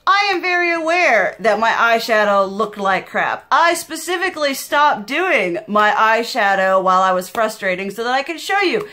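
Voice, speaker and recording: Loud, bright-voiced young woman vlogging. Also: on the high side, a little slow, hardly any pauses. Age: young adult. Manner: loud, passionate and emphatic; animated and chatty. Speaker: beauty vlogger. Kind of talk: casual vlog chat.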